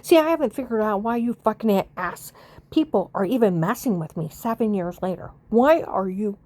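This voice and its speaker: A woman with a dark, mellow voice rants to the camera in a long angry monologue. She is from the United States, swears freely and keeps circling back to the same accusations. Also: medium pitch, lively intonation, normal speed. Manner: ranting, rambling accusations, swears and repeats herself.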